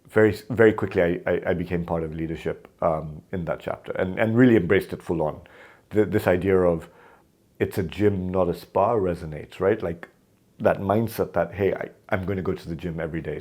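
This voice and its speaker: Low-pitched and fairly quick, this Kenyan podcast guest tells stories during a conversational interview. He's animated, voicing the dialogue within his stories himself.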